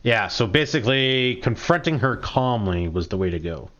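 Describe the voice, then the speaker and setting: A man's voice: medium pitch, expressive, normal speed, fairly bright tone, muffled recording. A man playing a video game, reading the driver's lines aloud and musing on his choices. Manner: reads dialogue aloud, musing commentary. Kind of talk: game playthrough, reading and commenting.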